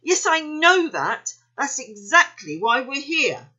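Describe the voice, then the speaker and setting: A woman's voice: sits high, very animated, slow pace, bright, forceful tone, highs cut off, voice pushed up, heavily acted. A woman voicing an anxious, caring mother kangaroo in a storybook reading. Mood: fretful. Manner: fretful, earnest.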